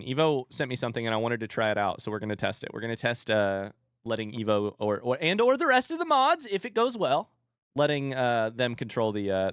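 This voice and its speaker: In studio-quality audio with no echo, a mid-range male voice provides live gameplay commentary, talking to himself and chat and letting out yelps and shouts at near misses. Clear music can be heard in the background.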